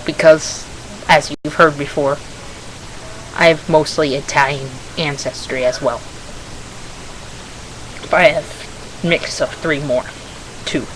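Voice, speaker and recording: A woman's voice: low-pitched, steady tone, takes it slowly, long pauses, slight background noise, rough recording. A woman vlogging to camera in a rambling, chatty way, correcting herself as she goes, with a slightly froggy throat. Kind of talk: casual chat to camera.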